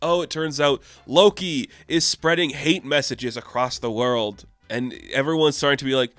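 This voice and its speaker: Excited, profane male comic reviewer. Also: mid-range voice, moderate pace, hardly any pauses, no room sound, faint music behind. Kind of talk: casual comic review vlog.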